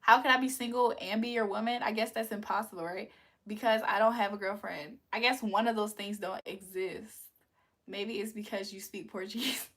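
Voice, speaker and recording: A woman's voice: mid-range voice, fairly even intonation, normal speed, a bit bright. A woman hosting a livestream, chatting casually with viewers and answering them playfully, laughing often. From United States. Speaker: livestream host. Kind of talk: casual livestream chat reading comments.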